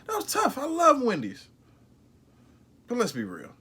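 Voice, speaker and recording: Lively, profane man ranking burgers. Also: very high voice, a little slow, slightly rough. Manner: emphatic, slangy and profane, repeats himself. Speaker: food reviewer vlogger. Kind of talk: casual ranking review.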